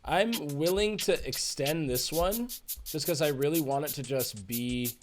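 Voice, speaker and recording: A man teaching music production in a relaxed, chatty tutorial, thinking aloud as he works. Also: on the high side, a little slow. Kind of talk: screen-share tutorial.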